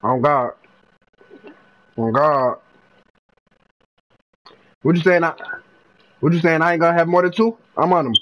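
A young man from North Carolina, giving live gameplay commentary full of profane trash talk and bursts of yelling. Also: a little high, fairly even intonation, measured pace, long pauses, low-quality recording. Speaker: gamer streamer.

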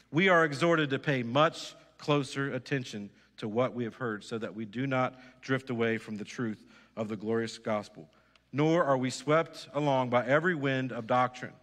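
A man's voice: medium pitch, bright, forceful tone. A pastor preaching a sermon, earnest and exhorting, putting direct questions to his congregation. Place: church sanctuary. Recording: church hall reverb.

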